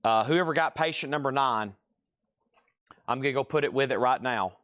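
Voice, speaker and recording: Brisk man calling out bids. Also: mid-range voice, a bit bright, no room sound, clean studio sound. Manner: brisk, rattles off prices and names, hums to himself. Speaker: host of a live record sale. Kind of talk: live sales stream, calling bids.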